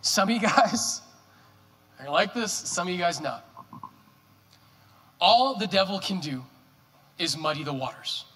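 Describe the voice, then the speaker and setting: A male pastor preaching a sermon in a church, animated and joking, firing off rhetorical questions. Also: high voice, measured pace, pauses often. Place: church sanctuary. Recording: reverberant church hall.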